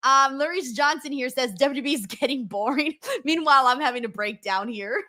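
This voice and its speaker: A woman with a bright, forceful, fairly high voice hosts a casual live stream. She reads viewer comments aloud and reacts with emotional, swear-laden chatter. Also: brisk.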